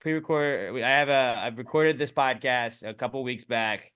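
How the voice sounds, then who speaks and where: A man hosts a podcast in loose, rambling banter full of deadpan jokes. His voice is bright and carries well. His pitch stays in the middle. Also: moderate pace, clear, resonant tone. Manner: joking, rambling, deadpan asides. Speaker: podcast host.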